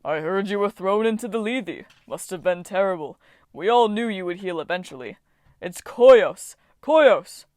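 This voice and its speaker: A woman reading an audiobook, voicing a boisterous, hulking male Titan warrior with a booming, grand way of speaking. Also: expressive, brisk, darkish tone, dry recording, lightly acted. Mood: hearty.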